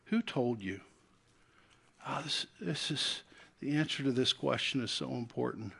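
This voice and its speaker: A man with a Southern US accent preaching a sermon as pastor, swinging between loud urgent calls and soft hushed appeals. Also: medium pitch, measured pace, gravelly, husky.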